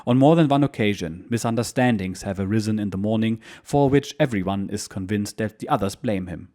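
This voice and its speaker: A man with a fairly low voice reads a first-person war memoir, steady and measured. Between the readings he speaks as the channel's host in the same even manner.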